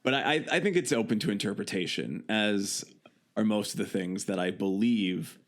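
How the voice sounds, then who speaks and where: A man's voice: fairly low pitch, moderate pace. A young man from the Chicago suburbs talking in a casual podcast chat, rambling and joking with lots of fillers. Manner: rambling, filler-heavy, jokey storytelling. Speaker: guest musician.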